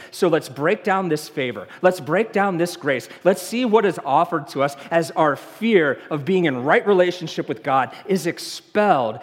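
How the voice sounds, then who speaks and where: A Southern pastor with a Southern accent and a fairly high voice preaches a conversational sermon, asking the congregation questions. He speaks in a church sanctuary, and the recording has a big-room sound.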